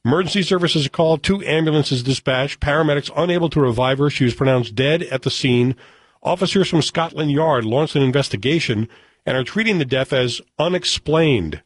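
A man's voice: a little high, fairly quick, dry recording. Wry conversational male radio host. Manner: wry, conversational, reads news items aloud. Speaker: radio talk show host. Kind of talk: casual radio chat.

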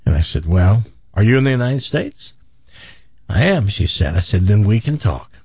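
Man, husky, exasperated caller with a lively voice, dull dry sound. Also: on the low side, moderate pace, no echo. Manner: exasperated, animated retelling with quoted voices. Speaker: caller telling a story. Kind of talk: casual storytelling on a talk show.

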